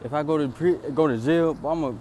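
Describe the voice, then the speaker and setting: A man's voice: quick pace, darkish tone, a little hiss or hum. A young man casually recounting a story outdoors in a rambling, repetitive way. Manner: rambling, repetitive "then boom" narration.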